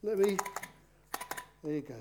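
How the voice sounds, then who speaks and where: A man's voice: high-pitched, a little slow, background noise. A man preaching in a church, leading a children's talk with volunteers and speaking playfully and directly to them. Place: church before a congregation.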